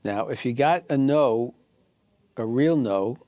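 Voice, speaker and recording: A man teaching a recorded class, walking listeners through steps calmly and checking in with "okay?" and "right?". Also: mid-range voice, slow, no room sound, dull audio. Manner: calm step-by-step guidance, often checking in with "okay?" and "right?". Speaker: instructor.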